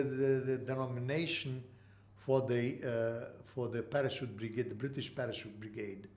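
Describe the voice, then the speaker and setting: A man in his eighties from Mandatory Palestine, telling an oral history in halting speech with many pauses. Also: medium pitch, darkish tone. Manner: halting, with frequent uh pauses and restarts. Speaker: interviewee.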